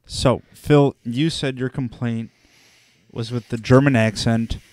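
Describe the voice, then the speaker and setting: A young man with a mid-pitched voice keeps the talk moving by asking the others questions. The recording is dry and close. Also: fairly even intonation, slow pace, darkish tone, no room sound. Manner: steering the chat with questions. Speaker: podcast host. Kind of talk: casual podcast hosting.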